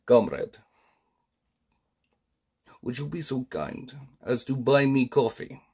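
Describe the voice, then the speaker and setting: A man's voice: medium pitch, animated, slow, a little mellow, husky, exaggerated voice. A man playing a threatening male Russian comrade in a put-on Russian accent with broken grammar. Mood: menacing.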